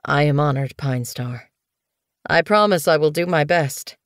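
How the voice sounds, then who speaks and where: A woman voicing a dutiful male cat warrior who speaks gravely and earnestly in a lowered voice. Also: unhurried, dry recording, studio quality.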